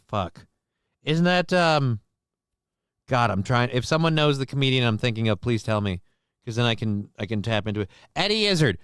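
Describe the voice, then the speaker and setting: A man's voice: medium pitch, fairly bright tone, clean tone, no room sound. A man hosting a casual live-stream talk show, rambling and sardonic with many fillers and restarts, on a close mic.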